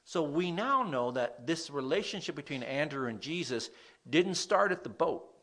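Lively, animated male preacher. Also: a little high, normal speed. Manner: animated, conversational, asks the audience questions. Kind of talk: sermon.

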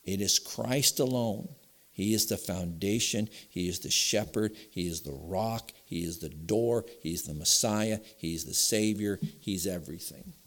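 Picture a pastor in the pulpit, a man with a slightly low, nasal voice. He preaches emphatically, pushing his voice up and out whenever he reads scripture aloud. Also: a little slow. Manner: emphatic preaching, louder and higher on scripture quotes. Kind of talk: sermon.

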